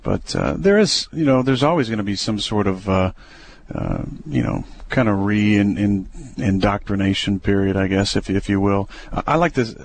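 A young adult man, a quarterback, talking through plays in a relaxed, hesitant way with many fillers and restarts. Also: fairly low pitch, normal speed, slight background noise. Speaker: football quarterback. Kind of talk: casual radio interview.

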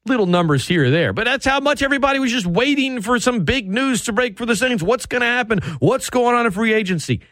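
A man hosting sports talk radio from a studio, ranting with heated sarcasm and sharp emphasis. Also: very high-pitched, expressive, fast talker, few pauses, dry recording.

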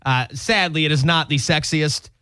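Bright, lively male radio host. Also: fairly high pitch, moderate pace, clean tone, no room sound. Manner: upbeat, laughs often, teasing. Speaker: radio morning show host. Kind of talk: casual radio banter. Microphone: studio microphone.

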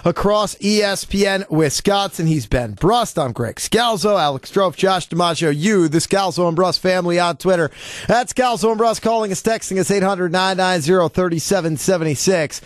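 A man's voice: sits high, normal speed, no echo, studio quality. A man hosting sports talk radio, teasing his co-hosts and rattling off promos and phone numbers.

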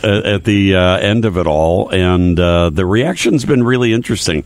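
A man hosting a radio show, chatting casually and speaking haltingly with frequent pauses and restarts. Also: sits low, expressive. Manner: hesitant, many uh fillers and restarts. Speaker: radio host.

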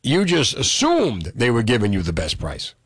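A man's voice: mid-range voice, normal speed, slightly rough, no room sound, clean studio sound. A man hosting a call-in radio show, chatting and joking with listeners. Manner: lively, animated, joking with callers. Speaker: radio host.

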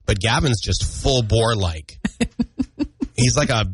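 Chatty radio host with a husky voice. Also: male voice, medium pitch, slow, no echo. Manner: chatty, self-deprecating, animated storytelling. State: congested from allergies, clearing throat. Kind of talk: casual on-air banter. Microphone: studio broadcast mic.

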